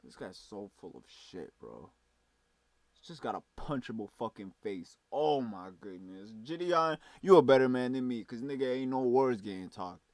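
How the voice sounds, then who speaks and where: A man's voice: medium pitch, big pitch swings, moderate pace, darkish tone, no room sound. A young man streaming, ranting with angry, profane reaction commentary.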